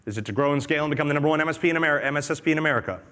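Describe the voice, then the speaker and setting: A man giving an energetic conference talk as a company presenter, repeating key phrases in a casual way. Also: fairly high pitch, very fast. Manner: energetic, repetitive, conversational. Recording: long hall reverb.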